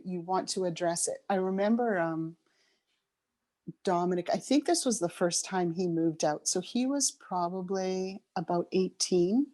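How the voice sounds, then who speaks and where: A middle-aged woman, an interview guest, telling a personal story in a reflective, unhurried way, with frequent ums and restarts. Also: fairly low pitch, mellow. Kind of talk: conversational storytelling.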